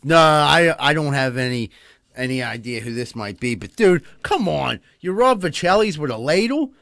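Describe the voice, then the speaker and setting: A man trades crude local stories on a podcast, often laughing as he talks. His voice sits a little high for a man. The sound is close and dry, with no room echo. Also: animated, moderate pace, creaky, a bit bright. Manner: laughing, profane storytelling. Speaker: podcast co-host. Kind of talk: casual podcast chat.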